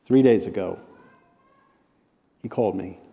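A man preaching a storytelling sermon, slowing for emphatic repeated refrains and then dropping quick and hushed to tell a story. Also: low-pitched, vocal fry. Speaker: preacher and ministry director. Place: conference hall. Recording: long reverb of a large hall.

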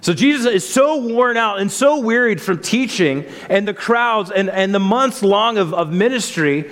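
A man's voice: high voice, animated, moderate pace, fairly bright tone, long reverb tail. A man preaching a sermon at a church service, talking casually and putting questions to the congregation. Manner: conversational, asks the congregation questions. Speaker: pastor.

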